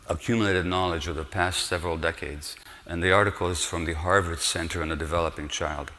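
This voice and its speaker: A man in his sixties delivers a public lecture in a lecture hall, earnest and emphatic, posing rhetorical questions to his audience. His voice is deep with a sharp tone, and the recording carries the hall's long reverb.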